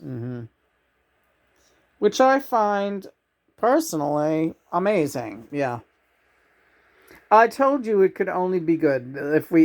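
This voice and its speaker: A middle-aged man co-hosting a YouTube channel, chatting casually with lots of halting restarts. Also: high-pitched. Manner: slow, halting, full of restarts. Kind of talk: casual chat to camera.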